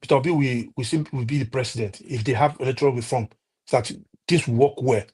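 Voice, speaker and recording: A man with a Nigerian accent giving heated political commentary on a live stream, scolding and halting with many restarts. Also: mid-range voice, darkish tone, breathy edge.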